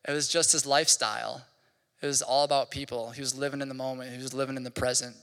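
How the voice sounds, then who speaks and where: A man's voice: medium pitch, level tone, quick pace, fairly bright tone. A man in his thirties giving a casual, conversational sermon as a pastor, rambling with lots of "like". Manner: casual, rambling, heavy use of "like". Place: church hall. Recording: long hall reverb.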